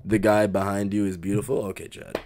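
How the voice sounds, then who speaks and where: A man streaming a casual reaction to a video, loud and profane, laughing often as he talks. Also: lowish voice, completely flat delivery, fairly quick, slight background noise.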